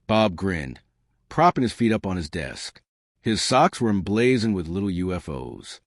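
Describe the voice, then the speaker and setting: A man's voice: sits low, sing-song, normal speed, no echo, clean studio sound. A man telling a comic sci-fi story in wry, scripted narration.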